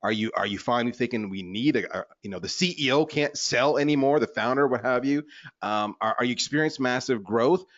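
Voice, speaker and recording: A man hosting a business webinar in a lively, chatty, self-deprecating way. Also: medium pitch, a little fast, no echo. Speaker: webinar host. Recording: dull lo-fi webinar audio.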